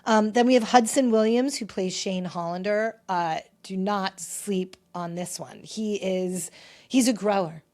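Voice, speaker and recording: A woman's voice: mid-range voice, unhurried. Chatty opinionated woman podcast host. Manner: chatty, opinionated, shifts loudness a lot. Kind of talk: casual pop culture commentary.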